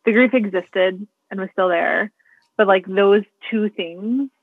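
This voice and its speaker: A woman's voice: mid-range voice, slow pace, dry recording. A woman co-hosting a podcast who speaks in a reflective, candid way in casual conversation. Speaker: podcast co-host and clinician. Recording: dry, tinny phone-like line.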